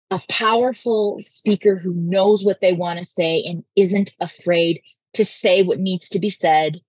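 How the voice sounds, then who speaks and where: A woman podcast host and communication coach, talking in a lively, emphatic way. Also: on the low side, slightly rough, dry recording, highs cut off. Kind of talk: casual interview chat.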